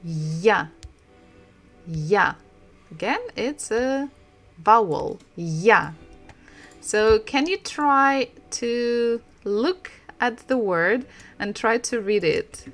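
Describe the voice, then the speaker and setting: Very slow, patient woman teaching a lesson. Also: on the high side, animated, faint music behind. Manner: laughs often, repeats sounds slowly. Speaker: language teacher.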